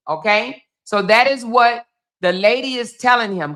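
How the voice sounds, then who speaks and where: A woman livestream host talks straight to her viewers in a chatty way as she comments on a video. Her voice is fairly high and fairly bright, with lively intonation and no rush.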